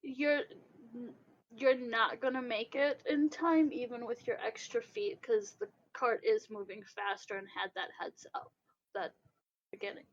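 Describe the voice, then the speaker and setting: High-voiced woman running a tabletop game. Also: steady tone, muffled recording. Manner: deliberate, hesitant narration with fillers. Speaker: game master.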